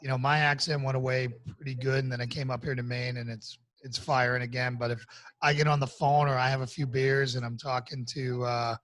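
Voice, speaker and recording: A middle-aged man hosting a podcast interview, chatty and jokey, quick to tease his guest. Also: mid-range voice, level tone, fairly bright tone. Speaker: podcast host, former Navy SEAL. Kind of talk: casual interview conversation.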